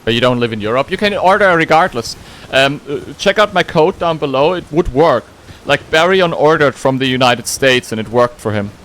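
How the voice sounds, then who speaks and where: Playful and animated, a man with a bright-ish, mid-range voice talks at a moderate pace while streaming a game. He reads viewers' messages aloud, hums, and sings nonsense between lines, with faint music behind him.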